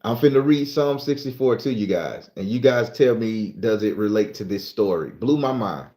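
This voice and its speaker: A man's voice: on the low side, animated, normal speed, dark tone, echoey room. A man from southern Florida with a Southern American accent, hosting a casual livestream and chatting loosely with viewers, stumbling when he reads aloud. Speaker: livestream host.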